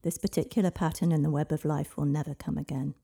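An ancient dragon speaking through a little girl in a storybook, aloof and solemn, as a woman reads it. The voice is low, dark and husky with a gravelly grain. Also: fairly even intonation, quick pace, full character voice.

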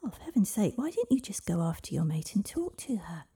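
A woman voicing an earnest, brave young woman who speaks softly and often in a whisper, in a husky storybook reading. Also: low-pitched, normal speed, exaggerated voice. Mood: concerned.

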